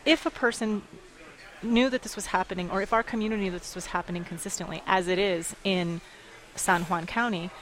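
A woman running an advocacy group, speaking in a radio interview with lively storytelling and frequent laughs. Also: mid-range voice, a little fast, rough recording. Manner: animated storytelling, quotes others, laughs often. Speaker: executive director of an advocacy group.

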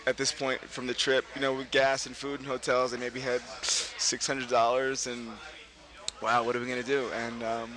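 Bright-voiced man telling animated stories. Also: normal speed. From Brooklyn, New York. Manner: animated, laughing, voices quotes with big pitch jumps. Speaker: actor, guest. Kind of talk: casual storytelling interview.

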